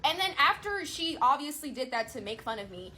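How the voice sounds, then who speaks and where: A young woman telling a school story in casual storytime style, profane, animated and exasperated. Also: high voice, fairly quick.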